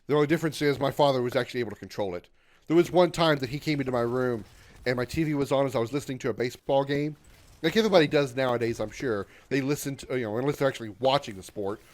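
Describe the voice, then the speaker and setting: A man's voice: medium pitch, racing. A man in his thirties casually chatting with viewers on his gaming livestream, sarcastic and swearing, reading chat aloud and yelping when his character is in danger. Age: 30s. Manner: yelps loudly when in danger in the game.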